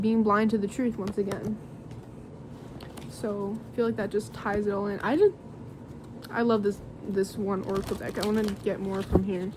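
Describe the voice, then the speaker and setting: A woman's voice: mid-range voice, noisy background. A young woman doing a casual tarot reading to camera, rambling and giggly with lots of fillers. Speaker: tarot reader.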